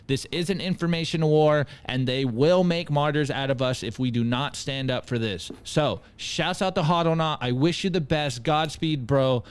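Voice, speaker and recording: A man's voice: mid-range voice, moderate pace, hardly any pauses, clean tone. A man co-hosting a casual livestream, talking in an earnest, rallying way and calling listeners guys and bro. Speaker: co-host.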